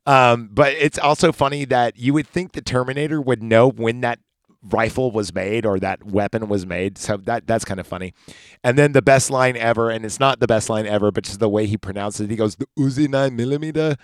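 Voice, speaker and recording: A man's voice: mid-range voice, fairly even intonation, fairly quick, no echo, clean studio sound. A man hosting a casual podcast, recapping a movie from memory with profane, rambling rants and asides. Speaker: podcast host.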